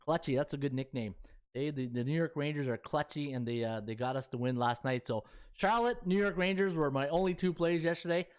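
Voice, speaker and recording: A man's voice: on the high side, brisk, clean tone. A man hosting a sports betting podcast, chatting in a folksy way with lots of fillers. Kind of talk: casual chat.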